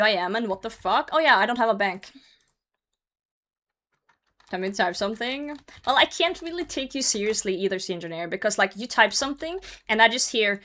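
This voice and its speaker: A woman's voice: fairly high pitch, sharp tone. A woman streaming a game, chatting casually with her chat, teasing viewers, laughing often and swearing freely. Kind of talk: casual livestream chat while gaming.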